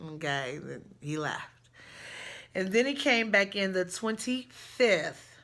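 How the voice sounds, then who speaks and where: A woman telling a personal story in a chatty, animated way, jumping high with excitement in places. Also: takes it slowly.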